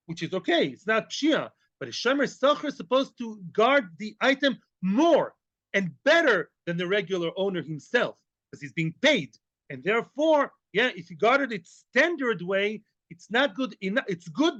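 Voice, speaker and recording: A man, a rabbi, teaching a Talmud class in a lively way, mixing English with Hebrew and Aramaic terms and asking questions he then answers himself. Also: sits high, no room sound. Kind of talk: Talmud lesson. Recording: dull, lo-fi and dry.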